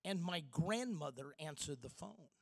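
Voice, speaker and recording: A middle-aged man giving a sermon, telling a personal story with dramatic pauses and swings from loud to hushed. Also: fairly high pitch, lively intonation, gravelly. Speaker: speaker.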